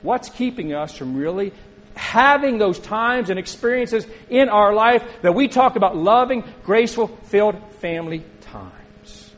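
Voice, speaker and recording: A man's voice: sits high, expressive, unhurried, a bit bright, poor audio. A middle-aged man preaching a sermon as a pastor, telling a story in a conversational way and turning to ask the congregation questions.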